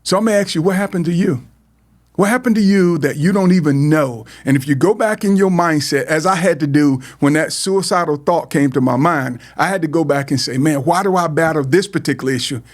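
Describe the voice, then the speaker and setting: A middle-aged man, voice on the high side and fairly quick, hosts a podcast where he speaks earnestly about his life. His heartfelt personal talk often circles back through repeated words and restarts.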